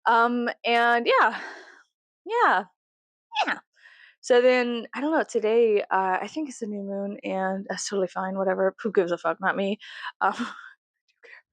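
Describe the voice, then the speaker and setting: A woman's voice: mid-range voice, measured pace, dry recording. Profane, chatty young woman vlogger. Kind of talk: casual rambling monologue.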